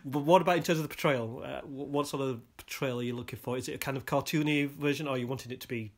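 A man's voice: medium pitch, fairly even intonation, very fast. A man hosting a podcast interview, asking questions and giving short supportive replies. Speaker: podcast host. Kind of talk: conversational interview.

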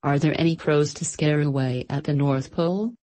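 A woman's voice: deep voice, moderate pace, mellow, close to an everyday voice. A woman reading aloud, voicing a timid, anxious scarecrow who pleads and sobs. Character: timid, anxious scarecrow boy, eager to be useful.

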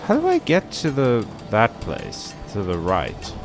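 A man casually commentating a game as he plays, reacting out loud and chatting to his viewers. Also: lowish voice, huge pitch swings, unhurried, over music. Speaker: game streamer. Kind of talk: casual let's-play commentary.

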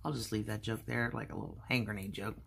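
A woman's voice: rumbling low, fairly even intonation, fast, vocal fry, a bit bright, slight background noise. A woman art vlogger chatting casually and rambling through a story while she draws. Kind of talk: casual chat while drawing.

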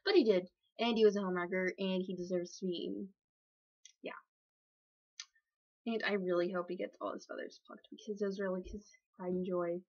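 A woman's voice: mid-range voice, fairly even intonation, fairly quick, long pauses, darkish tone, close to an everyday voice. A woman voicing a betrayed hen mother who talks in a flippant, slangy, sarcastic way, on slightly dull lo-fi audio. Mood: bitter.

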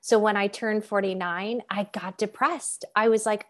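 A woman in her fifties hosting a podcast, telling stories in an animated way and laughing often. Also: mid-range voice, moderate pace. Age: 50s. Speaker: podcast host. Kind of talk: conversational interview.

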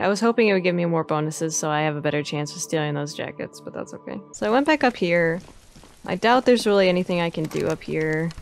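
A woman plays a story game on video. She chats along, often giggling. She reads the dialogue out loud as she goes. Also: on the low side, vocal fry. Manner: giggly, chatty. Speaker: gaming streamer. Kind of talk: let's-play commentary, reading dialogue aloud.

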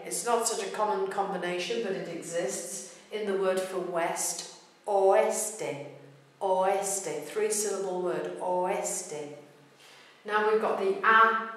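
A woman's voice: medium pitch, a little slow, a bit bright, distant mic. A woman teaching Spanish pronunciation at a whiteboard, explaining patiently step by step and saying example words aloud. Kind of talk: whiteboard lesson. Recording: echoey room, voice from off-mic.

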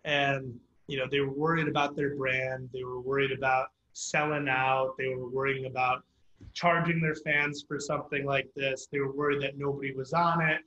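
A man telling a founding story in a casual interview, animated and full of filler words. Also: mid-range voice, moderate pace, echoey room, highs cut off, slight background noise. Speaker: startup founder guest.

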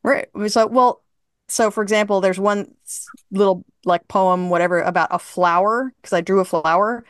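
A woman's voice: mid-range voice, moderate pace, clear, resonant tone, no room sound. Chatty woman in a dry room. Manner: chatty storyteller, laughs often, many fillers. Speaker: interview guest, writer. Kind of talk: casual conversation.

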